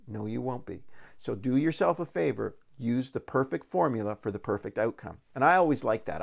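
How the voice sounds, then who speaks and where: A man giving a recorded real estate sales training talk, telling folksy stories and repeating words as he restarts. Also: mid-range voice.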